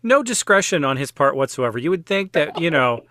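A man's voice: a little high, big pitch swings, fairly quick, pushed and bright, slight background noise. A man chatting casually and wryly about a film on a podcast, with plenty of fillers. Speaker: podcast guest or co-host.

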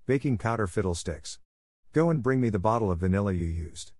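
A man's voice: lowish voice, animated, brisk, a little mellow, no echo, studio quality. A man reading the lines of a stern, practical older woman, curt and scolding.

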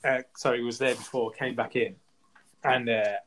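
A man's voice: medium pitch, fairly even intonation, moderate pace, a bit bright. Man telling a rambling story. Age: young adult. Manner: rambling storytelling with laughs and restarts. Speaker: podcast co-host. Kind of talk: casual chat.

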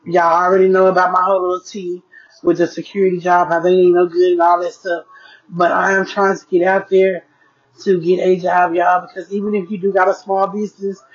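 A woman's voice: on the low side, highs cut off. A woman hosting her own podcast in a casual diary-style chat, frank and chatty, often calling her listeners "y'all". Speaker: podcast host.

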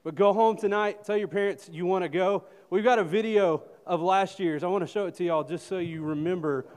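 A man, a youth pastor giving energetic announcements to a youth group while out of breath. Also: high voice, fairly quick. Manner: energetic, joking with the crowd. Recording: echoey hall.

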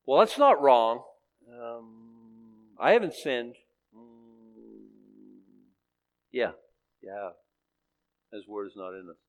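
A man's voice: mid-range voice, sing-song, very slow, long pauses. A man preaching a sermon as pastor, conversational and plain-spoken, rising to emphatic peaks.

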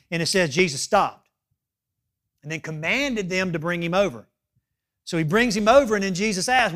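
A male pastor preaching a sermon, emphatic, dropping to hushed asides and rising to loud appeals, often checking in with "okay?". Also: high-pitched, animated, moderate pace.

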